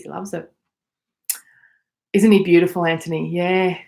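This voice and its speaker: A woman's voice: fairly low pitch, steady tone, measured pace, vocal fry, long pauses. Aussie woman chatting on a live stream from home, reading out comments. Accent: Australian. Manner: chatty, reads out viewer messages. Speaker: podcast host. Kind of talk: casual live chat.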